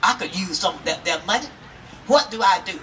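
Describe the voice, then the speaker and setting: A woman's voice: lowish voice, expressive, fairly quick, close to an everyday voice. Brer Bear, big gullible bear, told by a woman. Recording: outdoor, mic far off, faint noise.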